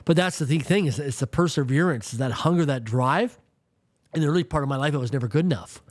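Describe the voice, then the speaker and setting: Fast-talking emphatic man telling a story. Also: on the high side, dry recording, clean studio sound. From Canada. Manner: emphatic, repeats words, acts out quoted voices. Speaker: guest. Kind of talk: storytelling interview talk.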